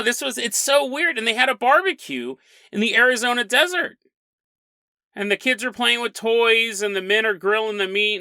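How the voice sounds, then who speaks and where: Guy doing a solo podcast, bright voice, rambly and laughing as he tells it. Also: high-pitched, no room sound. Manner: chatty, animated storytelling with frequent laughs. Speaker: podcast host. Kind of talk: casual solo podcast monologue.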